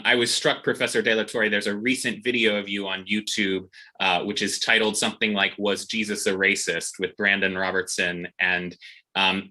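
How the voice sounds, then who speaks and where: A man moderating a panel Q&A, asking questions in a measured, slightly halting way. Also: on the low side, sharp tone, low-quality recording. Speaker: moderator, host.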